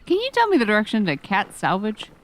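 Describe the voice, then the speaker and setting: A woman's voice: mid-range voice, huge pitch swings, fast talker. Hesitant woman playing a tabletop game. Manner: hesitant, filler-heavy talk. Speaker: player. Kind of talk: casual tabletop role-play.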